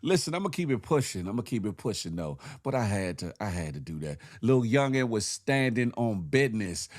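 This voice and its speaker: Animated man hosting a morning show. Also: fairly low pitch, a little fast, dry recording, clean studio sound. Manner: animated, playful, acts out quotes in voices. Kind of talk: casual chat with live chat shout-outs.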